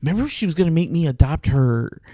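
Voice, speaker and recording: A man's voice: on the high side, big pitch swings, fast, mellow, no echo, studio quality. A man hosting a podcast, chatting casually with gossipy, dramatic flair. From Mexico. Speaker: podcast host. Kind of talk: casual chat.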